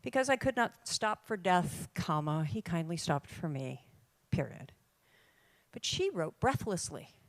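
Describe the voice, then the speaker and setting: An older woman giving an emphatic, lively talk to a room of writers, with dramatic pauses. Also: on the low side, no echo. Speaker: conference speaker. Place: conference room.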